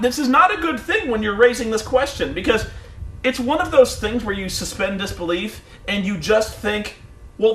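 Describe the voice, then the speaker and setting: Casual podcast co-host, male, high and bright, animated storyteller who acts out scenes, roomy echo. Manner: animated storytelling, acting out wrestlers with shouted impressions. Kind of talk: casual profane chat.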